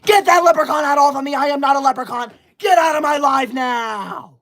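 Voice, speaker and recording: A twenty-something man performs a parody skit as a self-important, easily offended livestreamer, whining indignantly through super chats and yelling at his audience. His voice is high and animated, at a moderate pace.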